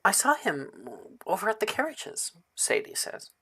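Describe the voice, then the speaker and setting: A man narrating as game master of a tabletop game, unhurried and drawn out, with frequent fillers. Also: sits high, very animated, creaky, bright, forceful tone, slightly rough, in a whisper.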